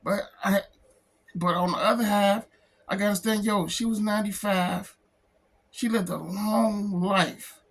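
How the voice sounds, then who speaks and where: A man who is a comic book artist, talking in an emotional personal vlog, close to tears, halting and repeating himself. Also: high voice, fairly even intonation. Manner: halting, repeats phrases, says "man" a lot. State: tearful, close to crying.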